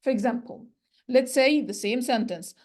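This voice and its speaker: Higher-pitched woman giving a teaching lecture. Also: moderate pace, darkish tone. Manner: explains step by step, often starting with "so". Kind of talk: recorded teacher-training lecture.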